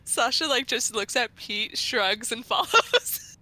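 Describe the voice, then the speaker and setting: A woman's voice: on the high side, lively intonation, slow pace, sharp tone, no room sound. A woman playing a tabletop game, giggly and laughing often as she speaks. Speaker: player. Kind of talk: casual tabletop game play.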